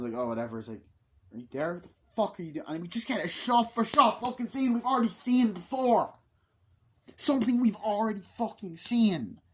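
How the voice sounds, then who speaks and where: Husky-voiced man ranting about a film. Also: sits high. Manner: profane, blunt, acts out scenes in quick put-on voices. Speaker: movie reviewer. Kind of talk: casual film review rant.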